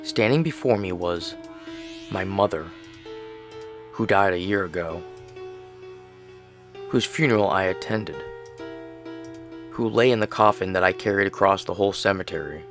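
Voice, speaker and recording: A man narrating a horror story game in the first person, with tense, hushed storytelling. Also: low-pitched, unhurried, pauses often, faint music behind. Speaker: gamer reading a story game.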